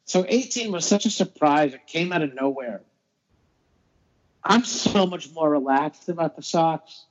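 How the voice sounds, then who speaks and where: A man's voice: a little high, a little slow. A man from the Boston area, a podcast guest in casual sports chat, rambling and easygoing with restarts. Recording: dull lo-fi audio.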